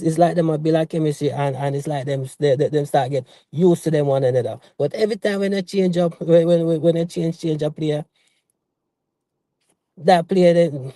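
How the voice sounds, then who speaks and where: A man with a Jamaican accent calling in to a football show, talking haltingly and repeating words as he looks for them. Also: a little high, warm tone, no room sound, studio quality. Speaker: caller. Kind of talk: casual call-in opinion.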